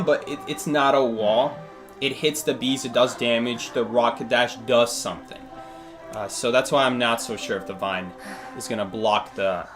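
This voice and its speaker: A man with a slightly high voice streams himself playing, thinking aloud and answering chat questions as he goes. He talks in loose, searching sentences full of fillers and restarts. Faint game music plays underneath. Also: fairly bright tone. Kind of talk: live gameplay commentary.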